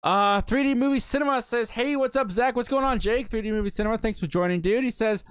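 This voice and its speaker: A man's voice: very high voice, fast talker, fairly bright tone, clear, resonant tone, no echo. A young man hosting a live movie talk stream, reading out viewer comments and reacting in a chatty, upbeat way.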